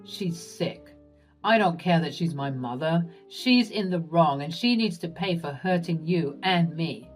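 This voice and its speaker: A woman voicing a gentle young husband who talks in a soft, measured, coaxing way. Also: deep voice, animated, faint music behind, voice pushed down. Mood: indignant.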